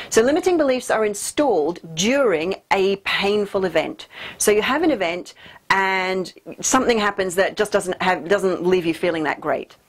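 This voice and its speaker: A woman hosting and teaching in a direct-to-camera talk, explaining in a lively, playful way with emphatic rhetorical questions. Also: medium pitch. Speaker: host and teacher.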